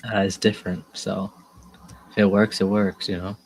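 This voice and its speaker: Very deep-voiced easygoing man. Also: little pitch movement, normal speed, a little hiss or hum, low-quality recording. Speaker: co-caller on the stream. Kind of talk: casual livestream chat.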